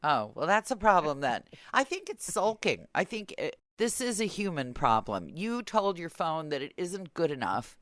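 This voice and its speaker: Podcast host, woman with a low voice, dry wisecracks, close dry mic. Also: very animated, normal speed, hardly any pauses, no echo. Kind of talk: casual chat.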